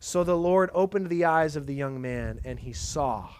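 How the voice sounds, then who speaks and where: A man preaching a sermon in an earnest tone, dropping to soft emphatic lines and casual asides. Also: fairly high pitch, lively intonation, moderate pace, clean tone.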